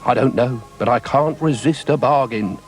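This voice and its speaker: A man's voice: mid-range voice, moderate pace, faint music behind, close to an everyday voice. A man voicing a grumpy, sarcastic male dog with a dry, grumbling manner. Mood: fussing.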